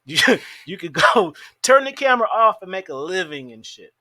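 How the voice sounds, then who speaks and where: A man in a studio podcast, talking in crude, animated, mocking banter and laughing often. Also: sits high, normal speed, no echo. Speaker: podcast host.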